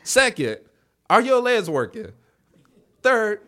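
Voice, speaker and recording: Guy preaching at a church revival, bit high voice, lively, acts out the voices, gets the crowd to answer back. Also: normal speed. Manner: animated, acts out quoted voices, calls for congregation responses. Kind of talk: revival sermon. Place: church sanctuary.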